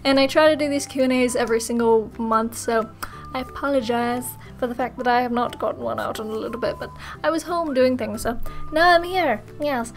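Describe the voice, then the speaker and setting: A woman's voice: on the high side, brisk, faint music behind. A woman chatting casually in a Q&A vlog, giggly, self-mocking and rambling as she answers viewer questions.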